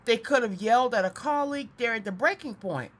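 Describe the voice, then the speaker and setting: A woman doing a psychic card reading to camera. She talks in a chatty, animated way, often repeats words, and drifts into preaching. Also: a little high, a little fast.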